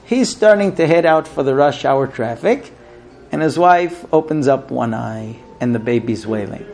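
A man telling a story in a lively way, acting out scenes and sound effects. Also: mid-range voice, moderate pace. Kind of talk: animated storytelling.

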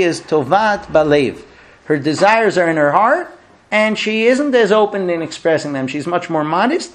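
A middle-aged man teaching a recurring class as a rabbi, telling funny stories and acting out the quoted lines. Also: on the high side. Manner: animated storyteller, acts out quoted dialogue. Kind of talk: lively classroom lecture with humor.

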